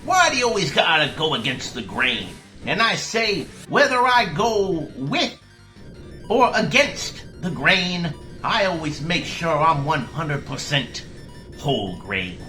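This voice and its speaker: A man's voice: fairly high pitch, very animated, slow, pushed and bright, soft background music, pitched above the performer's own voice, heavily acted. A man voicing a wisecracking anthropomorphic bagel who does stand-up comedy, delivering cheesy punchlines. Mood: joking.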